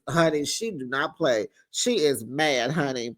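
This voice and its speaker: A man hosting a casual reality TV recap, telling the story in an animated, sassy way and acting out the quotes. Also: medium pitch, a little slow, hardly any pauses. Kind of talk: casual gossip recap commentary.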